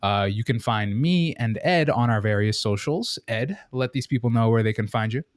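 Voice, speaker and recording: Male podcast co-host from Brooklyn, slangy and profane, mid-pitched, recorded dry. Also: expressive, moderate pace, no room sound. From Brooklyn, New York. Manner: joking, swears freely, slangy. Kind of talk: casual podcast banter.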